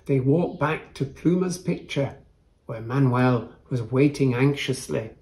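Man slowly reading a children's story. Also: medium pitch. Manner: gentle, unhurried, shows the pages. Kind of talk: reading a picture book aloud to children.

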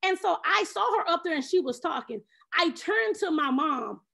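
A woman, giving a casual devotional talk on a video call, lively and preachy, often laughing and acting out her own thoughts. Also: extremely high pitch, moderate pace, vocal fry. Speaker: speaker at an online faith round table.

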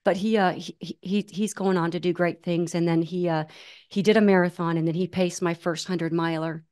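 A woman in her forties telling a personal story in a casual interview, animated, with many restarts. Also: on the low side, normal speed, smooth. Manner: animated, many restarts, acts out quoted voices. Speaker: guest, ultramarathon runner.

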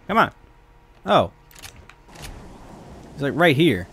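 A man's voice: medium pitch, big pitch swings, a little slow, pauses often, fairly bright tone, slight background noise. Casual, swearing let's play guy. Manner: chatty, swearing, exclaims at the game. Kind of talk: casual gameplay commentary.

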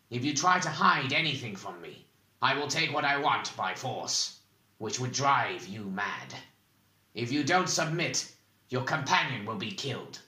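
A man's voice: medium pitch, sharp tone, roomy sound. A man voicing a stern, cunning bald male interrogator who gives clipped, commanding orders.

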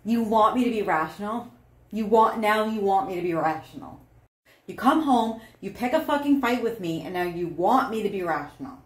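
A woman playing an angry, hostile partner who shouts, swears and turns every complaint back with sarcasm. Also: mid-range voice, animated, moderate pace, close to an everyday voice. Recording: roomy echo.

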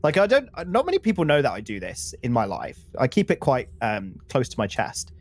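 Lively, laughing male gaming co-host. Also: mid-range voice, a little fast. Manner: animated, laughing often, playful. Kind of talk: casual gameplay chat.

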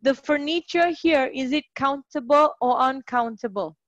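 A woman's voice: sits high, moderate pace, dry recording, muffled recording. A woman tutoring English in a live online class, chatty and encouraging, greeting students by name.

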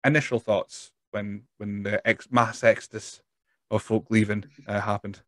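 A man's voice: on the low side, level tone, moderate pace, dry recording. Scottish man hosting a casual podcast. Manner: rambling, laughing, swears casually. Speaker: podcast host. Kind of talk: casual interview chat.

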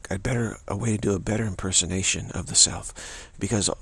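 A man with a deep-leaning, heavily husky voice muses aloud on spiritual ideas. His speech stalls, repeats words and starts over as he thinks. A gravelly fry runs through his reflective teaching monologue. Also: steady tone, fairly bright tone. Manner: halting, repeats words and restarts often.

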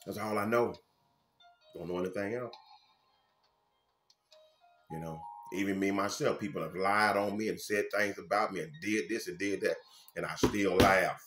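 A man, a minister, preaching an informal sermon with fervent, repetitive phrasing and sudden loud bursts. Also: low voice, moderate pace, long pauses, echoey room, soft background music.

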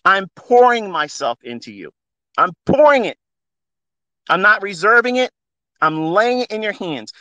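His voice sits high, very animated, pushed and bright, and there's no echo. He keeps a measured pace with long pauses. He's a middle-aged trading mentor hosting a live audio space on his phone, giving an unscripted, heartfelt monologue that's passionate, preachy and full of blunt swearing.

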